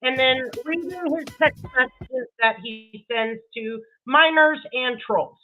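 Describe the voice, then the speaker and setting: A woman with a high-pitched voice speaks slowly, faint music behind her, through tinny, phone-like audio. She hosts a reaction commentary video, animated, swearing freely and bursting into laughter.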